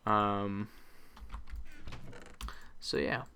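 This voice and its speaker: A man's voice: on the low side, completely flat delivery, very slow, pushed and bright, a little hiss or hum. A man hosting a let's play, chatting casually over his gameplay and rambling with many ums and uhs.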